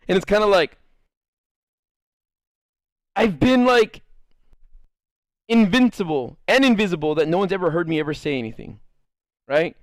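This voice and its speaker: A man's voice: high voice, normal speed, long pauses, no echo, studio quality. A man streaming live, telling rambling stories to his chat and acting out quotes in jumping voices, with a lot of swearing. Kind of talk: casual storytelling to live chat.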